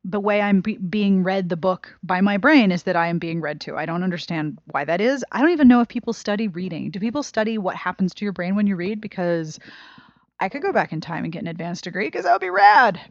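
A woman co-hosting a podcast in casual chat, expressive and self-deprecating. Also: lowish voice, fairly quick, no room sound, dull audio. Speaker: podcast co-host.

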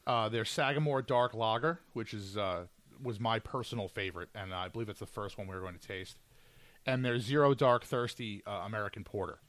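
A man's voice: fairly low pitch, fairly quick, fairly bright tone, no echo. A man co-hosting a casual beer podcast, chatty and joking, often correcting himself mid-sentence. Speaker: podcast co-host reviewing beer. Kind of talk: casual chat.

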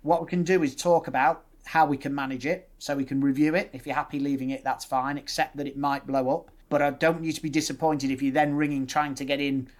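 A man's voice: fairly high pitch, quick pace, hardly any pauses. Yorkshire man explaining dental practice. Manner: explanatory, lists options in steady sequences. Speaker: dentist guest. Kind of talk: conversational podcast interview.

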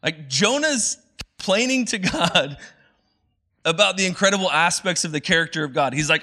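A male pastor delivers a sermon in a casual, conversational style, keeping it animated. His voice sits a little high and sounds bright and forceful. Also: moderate pace.

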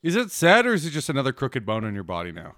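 A man's voice: medium pitch, quick pace, dry recording, studio quality. A young man in casual chat, chiming in with jokes and swearing. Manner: joking interjections, swears, animated delivery.

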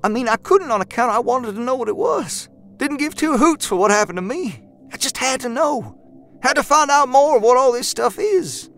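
An actor playing a jittery, eager young male miner who talks in a folksy backwoods dialect with hushed urgency. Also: a little high, lively intonation, normal speed, soft background music. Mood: fervent. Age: young adult. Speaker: character in an audio drama. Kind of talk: audio drama acting.

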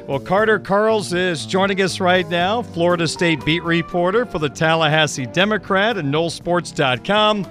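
A man hosting a sports radio show, reading off scores and plugs in a brisk broadcast delivery. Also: high voice, a bit bright, soft background music.

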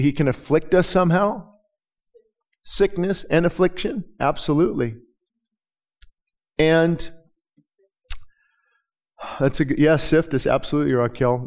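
A middle-aged man preaching, telling stories in a loose conversational way with many restarts. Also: fairly high pitch. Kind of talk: sermon.

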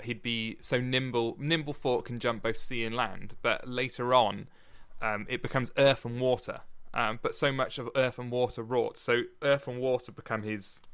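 Guy cohosting a podcast, bright voice, rambly and jokey. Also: mid-range voice, clear, resonant tone. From Britain. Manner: chatty, joking, rambling. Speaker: podcast co-host. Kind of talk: casual podcast chat.

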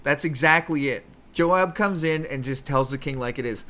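His voice is a little high and fairly bright, moving at a normal speed. This Canadian comedy podcast host chats loosely about the Bible, swearing a lot, wandering off topic, and restarting his sentences as he interrupts himself.

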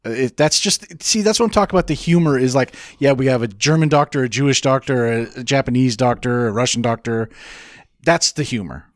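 A man with a mid-range voice, chatting about a movie on a podcast with wry amusement. He picks apart the jokes in a relaxed, conversational way. The sound is dry and close-miked. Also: medium pitch, fairly quick, no echo. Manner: wry, amused, points out gags with short agreeing replies. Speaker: podcast co-host. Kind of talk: casual movie-review chat.

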